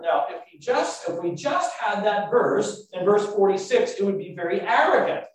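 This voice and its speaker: A man preaching and telling stories in an animated, self-mocking way with halting restarts. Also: sits high. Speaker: preacher and tour guide. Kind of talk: sermon with storytelling. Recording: echoey room, mic far off.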